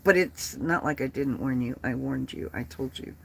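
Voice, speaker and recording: A woman's voice: very deep voice, moderate pace, creaky, a little hiss or hum. A woman in her late fifties chatting bluntly and profanely with livestream viewers. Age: 50s. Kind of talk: casual livestream chat.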